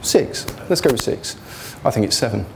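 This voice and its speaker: A man's voice: mid-range voice, animated, moderate pace, creaky, slight background noise. A man giving an informal motivational talk about his business failures, blunt and joking, speaking in a students' union hall.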